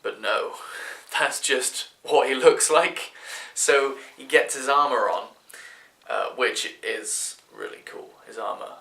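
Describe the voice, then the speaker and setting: British male reviewer, bright edgy voice, unhurried rambling delivery, echoey room. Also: medium pitch. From Britain. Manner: rambling, chatty, with many fillers and restarts. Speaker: film reviewer. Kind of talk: casual spoken movie review.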